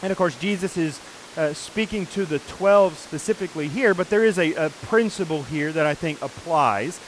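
A man's voice: a little high, normal speed, a little hiss or hum, low-quality recording. A man preaching a sermon, earnestly explaining scripture passages in a teaching manner.

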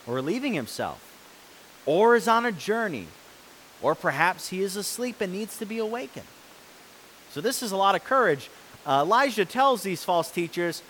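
Man, preacher, sermon, loud and soft in turns, faint background hiss. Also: a little high, normal speed, low-quality recording. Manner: lively, animated, swings from loud to soft.

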